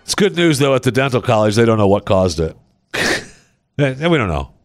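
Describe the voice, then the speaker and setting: A man's voice: medium pitch, big pitch swings, brisk, no echo, faint music behind. A man hosting a casual chat, telling a story in a wry way and acting out the people in it.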